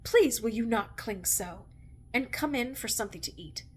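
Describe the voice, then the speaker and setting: A woman reading a novel aloud, voicing a stern, sharp-tongued witch in a curt, sardonic manner. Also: on the high side, animated, normal speed, slightly rough.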